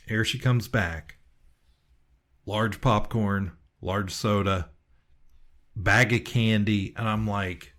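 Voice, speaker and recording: A man with a fairly low voice chatting casually on a podcast. He rambles through a story, stopping and restarting often and filling pauses with ums. His tone stays easygoing and conversational. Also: fairly bright tone. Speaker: podcast co-host.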